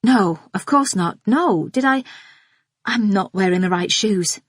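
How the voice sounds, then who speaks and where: A woman's voice: medium pitch, animated, unhurried, breathy edge, dry recording. A woman reading an audiobook, voicing a flustered man who stumbles through breathless apologies. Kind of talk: audiobook character voice.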